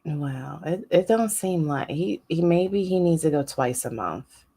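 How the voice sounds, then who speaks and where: A woman's voice: sits low, lively intonation, unhurried, warm tone, slightly rough. A woman co-hosting a livestream, reacting with blunt, exasperated remarks. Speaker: livestream co-host. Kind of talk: casual reaction commentary.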